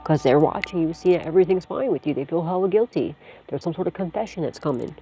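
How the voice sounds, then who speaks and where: A woman with a dark, mellow voice talks her way through a tarot reading in a loose, off-the-cuff style. She is blunt and full of slang, swears freely, and keeps reassuring the listener directly. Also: on the low side, lively intonation, fast talker, breathy edge, faint music behind. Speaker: psychic tarot reader. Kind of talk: casual spoken tarot reading.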